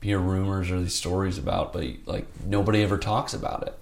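A man's voice: low-pitched, little pitch movement, fairly quick, darkish tone, slight background noise. A man speaking as an interview guest, telling a candid personal story in a rambling, heartfelt way full of fillers.

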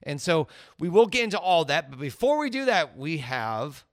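A man's voice: fairly high pitch, big pitch swings, normal speed, heavy background noise. A man co-hosting a podcast, chatting casually in an upbeat, jokey way. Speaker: podcast co-host.

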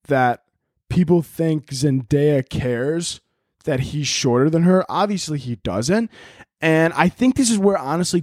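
A young man riffs alone on his podcast, swearing freely and wandering from tangent to tangent. His voice sits at an ordinary middle pitch. The sound is dry and close, with no room around it. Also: darkish tone, dry recording. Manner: profane, rambling, goes off on tangents. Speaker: podcast host and comedian. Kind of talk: casual solo podcast rant.

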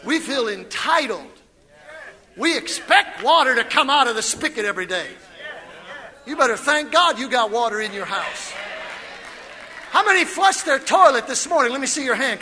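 A man preaching a fiery sermon as pastor, building from quiet reading to shouted calls. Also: extremely high pitch, sing-song, normal speed, a faint crowd, slight background noise.

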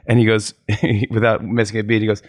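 Comedian guest, man, mid-pitched, storytelling energy, dry close mic. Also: a little fast, no echo. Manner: animated storyteller, slips into voices. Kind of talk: casual chat, telling anecdotes.

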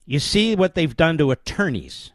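Speaking as a talk show host, a man with a fairly high voice gives a forceful, declamatory political monologue at normal speed. He is very animated and emphatic, driving his points home with heavy rhetorical repetition. The recording is dry and close, without any room echo.

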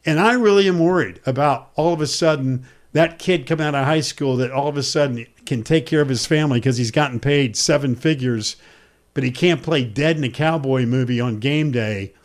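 A man's voice: medium pitch, a little fast. A man hosting a sports talk discussion, speaking earnestly and emphatically.

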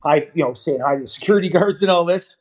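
A man's voice: fairly high pitch, fast, low-quality recording. A man in his forties from Canada, a former pro hockey player telling stories in an interview, full of "you know" and acted-out dialogue. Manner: animated, acts out quoted dialogue, frequent "you know". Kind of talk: casual storytelling interview.

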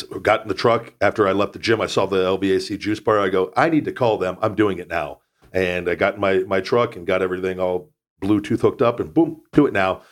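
A man hosting a podcast, giving a blunt, rambling motivational talk with casual swearing. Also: low-pitched. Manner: blunt, profane, rambling with restarts. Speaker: podcast host.

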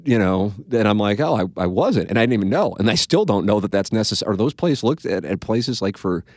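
A man's voice: fairly low pitch, animated, quick pace, no room sound, clean studio sound. A man hosting a podcast in casual chat, rambling and profane, trailing off into asides. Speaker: podcast host.

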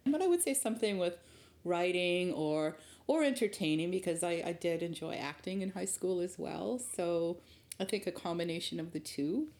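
A woman's voice: lowish voice, animated, normal speed, a little mellow. A middle-aged woman from rural Ontario, Canada, recounting her early career in a candid, thoughtful interview. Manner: candid, thoughtful, with frequent restarts. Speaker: guest. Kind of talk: reflective interview storytelling.

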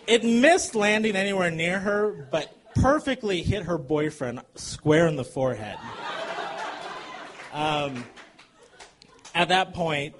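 A man telling a comic true story to a live audience, animated and chuckling as he goes. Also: fairly high pitch.

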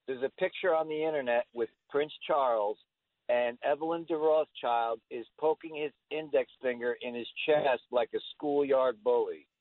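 A man's voice: medium pitch, moderate pace, dry recording. A man calling in to a talk radio show, speaking in a casual, conspiratorial way. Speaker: caller. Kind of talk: phone-in call. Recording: dry tinny phone line.

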